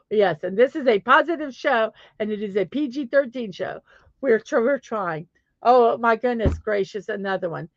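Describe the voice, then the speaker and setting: A woman's voice: a little high, moderate pace, a bit bright, dry recording, dull audio. A middle-aged woman with a Southern accent hosting a casual daily show, laughing at herself and apologizing as she stumbles. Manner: giggly, self-deprecating, stumbles and apologizes. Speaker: host of a daily positivity show. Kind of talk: casual solo chat.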